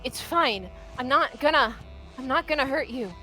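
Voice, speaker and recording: A woman's voice: high-pitched, animated, normal speed, bright, forceful tone, faint music behind, voice pushed up. A woman voicing a shaken young man who pleads and stammers, repeating himself, in tabletop role-play. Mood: pleading.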